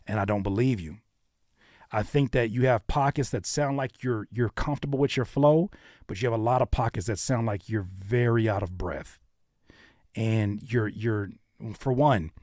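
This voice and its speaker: A blunt, profane man coaching rappers on a livestream. His voice sits at an average pitch and sounds dry and close on the mic, with no room around it. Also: a little mellow, dry recording. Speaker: music reviewer and livestream host. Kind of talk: candid livestream critique.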